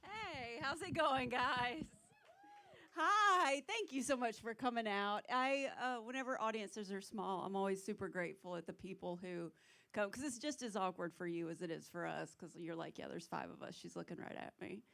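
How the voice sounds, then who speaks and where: A woman's voice: on the high side, moderate pace. Self-mocking Southern woman doing stand-up. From South Carolina. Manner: self-mocking, drawling, breaks into loud put-on voices. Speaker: headlining stand-up comedian. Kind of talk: stand-up comedy set. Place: small comedy club stage.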